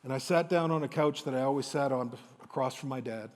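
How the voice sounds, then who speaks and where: A man in his fifties, telling a personal story on stage as a motivational speaker, dramatic and emotional with slow, weighty pauses. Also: medium pitch, darkish tone, in a large hall. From Windsor, Ontario, Canada.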